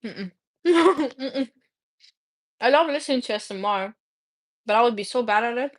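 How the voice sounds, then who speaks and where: A woman's voice: on the high side, fast talker. A woman streamer chatting casually to her viewers, a native Russian speaker who rambles, restarts words and laughs often. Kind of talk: casual chat.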